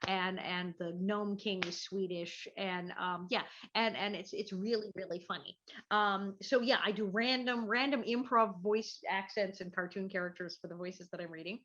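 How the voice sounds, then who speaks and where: A woman's voice: medium pitch, fairly even intonation, moderate pace, a bit bright, lo-fi sound. A woman comedian in a casual chat from her living room, chatty and self-mocking, often restarting her sentences. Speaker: guest, actor and comedian.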